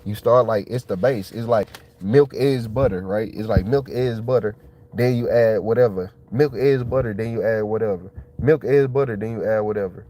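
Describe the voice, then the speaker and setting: Excitable man rambling in slang. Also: mid-range voice, moderate pace. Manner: excitable, colloquial, repeats himself. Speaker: channel host. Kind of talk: casual rambling monologue.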